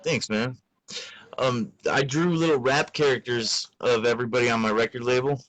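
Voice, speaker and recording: A young man hosts a podcast in loose, casual chat, swearing freely and laughing between stories. His voice sits at an ordinary middle pitch, recorded dry and close with no room sound. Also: fairly even intonation, normal speed, a bit bright, no room sound, low-quality recording. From Utah. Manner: laid-back, swears a lot, laughs often. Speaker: podcast host.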